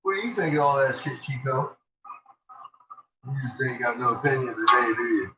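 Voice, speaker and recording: A man's voice: medium pitch, normal speed. A man at home, teasing and talking to his pet dogs in a casual, swearing way. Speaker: pet owner. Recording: dull, noisy home recording.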